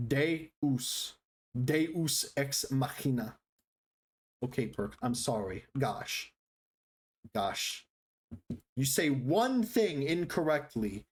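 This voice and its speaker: A man's voice: medium pitch, slightly rough. Guy streaming a game from home, joky, puts himself down a lot, laughs a bunch. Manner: joking, self-deprecating, laughs often. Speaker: livestreamer. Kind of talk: casual live-stream chat while gaming. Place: home room next to a busy street.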